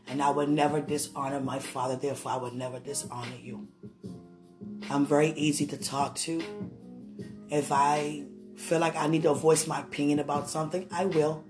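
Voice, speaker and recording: A woman talking straight to someone she loves in a rambling, affectionate monologue, often checking with "you understand?". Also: low-pitched. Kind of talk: emotional monologue to a loved one. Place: sitting on a bed indoors.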